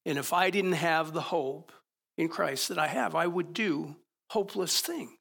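Male pastor with a gravelly, slightly raised voice, preaching in an informal style full of rhetorical questions. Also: fairly high pitch, a little slow, fairly bright tone. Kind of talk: sermon.

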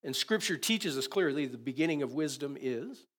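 A male pastor delivers a sermon in a conversational way. His voice sits at an ordinary middle pitch. He keeps checking in with the listeners and moves between louder and quieter stretches. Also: expressive, normal speed. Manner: conversational, often asks "right?", shifts between loud and soft.

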